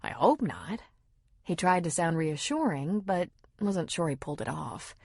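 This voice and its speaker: A woman narrating a romance audiobook in an expressive, intimate way. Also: on the low side, moderate pace, vocal fry, no room sound, clean studio sound. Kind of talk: scripted narration.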